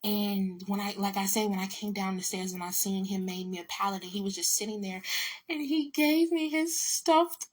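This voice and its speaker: A woman's voice: medium pitch, level tone, fairly quick, few pauses. A woman in telling a personal story to camera, blunt and emotional, swearing freely and repeating her words.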